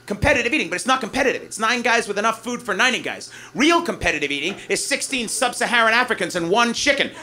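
Fast, high-voiced ranting male comedian. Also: animated, slight background noise. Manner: fast, profane, ranting with shouted punchlines. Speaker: stand-up comedian. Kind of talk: stand-up comedy set. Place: comedy stage before a live audience.

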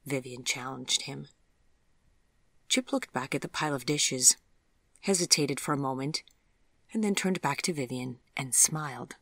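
An audiobook narrator reading a story in a soft, hushed, breathy voice. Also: mid-range voice, unhurried, long pauses, no room sound. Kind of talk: scripted narration.

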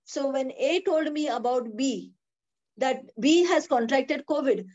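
Woman, Bible teacher on a video call; high, insistent, repetitive, lo-fi sound. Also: unhurried, darkish tone. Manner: emphatic, repeats phrases, asks rhetorical questions. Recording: dull lo-fi video call audio.

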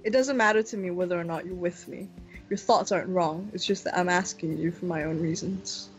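A woman's voice: on the low side, moderate pace, faint music behind, close to an everyday voice, poor audio. A woman reading as a curt, cool teenage girl. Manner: curt, detached, matter-of-fact. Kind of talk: reading a visual novel aloud with friends.

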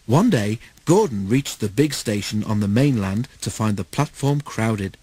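A man's voice: lowish voice, animated, measured pace, mellow, breathy edge, no room sound, low-quality recording. Man reading a children's storybook. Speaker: narrator. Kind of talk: storybook read-aloud.

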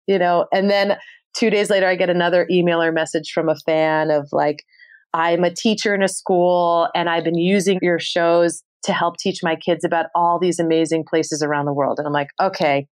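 A woman, a TV host telling her story as a podcast guest in an earnest, emotional way, her voice jumping up when she gets excited. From New York City, USA. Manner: emotional and earnest, rising pitch when excited, quick bursts when quoting herself. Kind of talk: candid interview storytelling.

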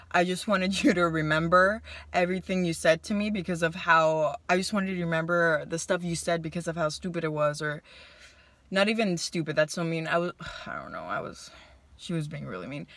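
A young woman vlogger telling a casual story to the camera, chatty and animated, acting out what people said. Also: fairly low pitch, no echo. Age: young adult. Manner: animated, chatty, voices her own quotes. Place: car.

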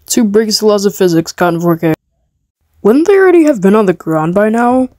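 A woman's voice: medium pitch, sing-song, brisk, mellow, no room sound. A woman commentator making dry, mocking quips about a video. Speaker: commentator picking apart a video. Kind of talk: sardonic commentary.

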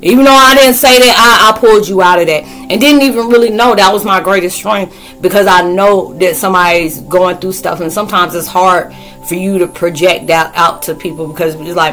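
Woman vlogger, slangy, animated, casual, soft music behind. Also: on the low side, brisk. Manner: loose, animated, slangy, acts out quoted friends. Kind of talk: casual spoken vlog, talking to viewers.

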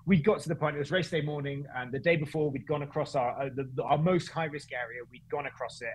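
A man, a guest on a podcast, telling a story in casual, animated chat with frequent restarts and self-corrections. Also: a little high, fast, husky, rough recording. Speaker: guest, running events founder.

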